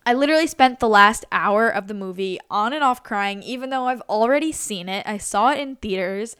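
A woman's voice: mid-range voice, a little fast, fairly bright tone, smooth, no echo, studio quality. A woman of twenty-three chatting casually and gushing about what she has watched, full of "like" and "literally". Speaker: vlogger. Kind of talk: casual chat.

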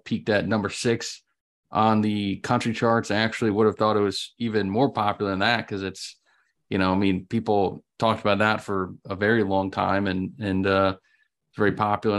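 A podcast host from Ohio with a fairly low voice. He talks in a loose, informal way as he walks through facts for his co-hosts. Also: fairly even intonation, normal speed. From Ohio, United States. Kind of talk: casual chat.

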